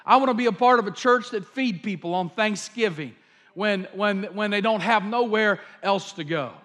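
High-voiced fervent preacher man. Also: moderate pace, a bit bright. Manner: fervent, repetitive preaching with fillers. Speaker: pastor. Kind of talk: sermon storytelling.

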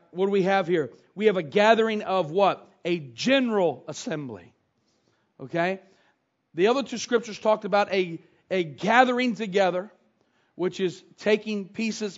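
A man preaching a teaching sermon from scripture, deliberate, repeating key phrases and putting questions to his listeners. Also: high voice. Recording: slightly dull lo-fi recording.

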